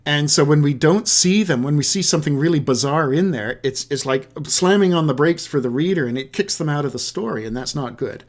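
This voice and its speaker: A man's voice: on the high side, fairly quick, hardly any pauses. A man giving a recorded video lesson on writing, explaining conversationally with rhetorical questions and examples, often restarting and repeating words mid-sentence. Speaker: writing teacher.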